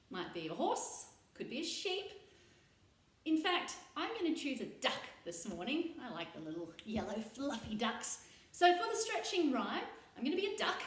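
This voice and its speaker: A woman hosting a children's playtime session, leading stretches and farm animal sounds in a playful, sing-song way. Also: a little high. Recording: roomy echo.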